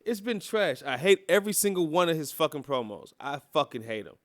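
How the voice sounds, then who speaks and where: A man's voice: on the high side, sing-song, quick pace, dry recording, clean studio sound. A young man co-hosting a wrestling podcast, ranting bluntly with lots of profanity. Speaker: podcast co-host. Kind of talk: casual chat.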